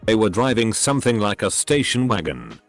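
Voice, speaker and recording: A man narrating read-out stories in an even, matter-of-fact way. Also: fairly low pitch, a little fast, faint music behind. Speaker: narrator reading online posts. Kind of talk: scripted narration.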